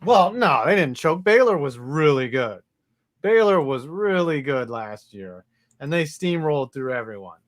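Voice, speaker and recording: A man's voice: a little high, very animated, measured pace. A man co-hosting a sports podcast, reading out listener messages and chatting loosely with jokes and swearing. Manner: loose, swearing, jokey asides. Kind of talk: casual sports chat.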